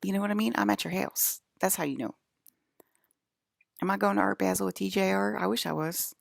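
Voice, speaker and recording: A woman's voice: mid-range voice, fairly even intonation, a little fast, creaky, no room sound, studio quality. A woman vlogging in a rambling casual monologue, talking straight to her viewers and repeating her points with emphasis. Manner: emphatic, repeats herself, addresses viewers directly.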